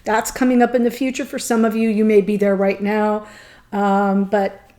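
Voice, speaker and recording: A woman giving a tarot reading to her viewers, earnest and thinking aloud, often pausing between short phrases. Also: medium pitch, flat delivery, dark tone. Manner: addresses viewers directly. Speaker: tarot reader.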